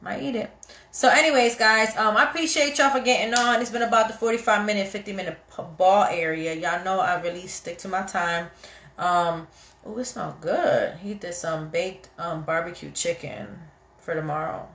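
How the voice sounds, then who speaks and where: A woman hosting a casual live chat about marriage, animated and chatty, often acting out what people say. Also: mid-range voice, moderate pace. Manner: animated, chatty, quotes people in little acted voices. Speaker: host of a live chat for couples. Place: home, kitchen nearby. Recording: echoey room.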